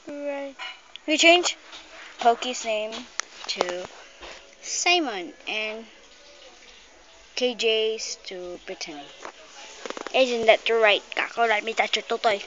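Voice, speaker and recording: This woman, slightly high-voiced and a bit bright, speaks slowly and animatedly with frequent pauses as she records her cat and kittens on a phone at home. She uses cooing, playful baby talk, and the dull lo-fi recording carries slight background noise.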